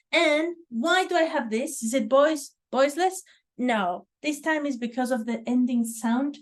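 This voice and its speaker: A woman with a fairly high voice leads a classroom pronunciation lesson. She speaks slowly and with care, repeating sounds and praising her students warmly. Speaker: English pronunciation teacher.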